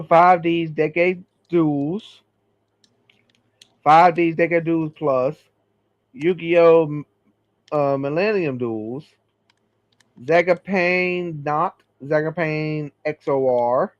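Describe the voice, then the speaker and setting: Casting: man host, slow and halting delivery with fillers, slightly high voice, dry lo-fi sound. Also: dry recording. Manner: reads game lists slowly with many fillers. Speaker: podcast host. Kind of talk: casual chat.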